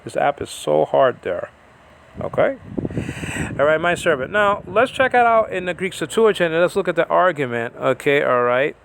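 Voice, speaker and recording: A man with a somewhat high, gravelly voice leads an informal Bible lesson. He talks slowly and haltingly, filling gaps with "uh" and "okay" as he works through ancient words. A faint hum sits behind him. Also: expressive, a bit bright. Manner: halting, many fillers, sounding out Hebrew and Greek words. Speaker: Bible teacher. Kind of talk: informal scripture study.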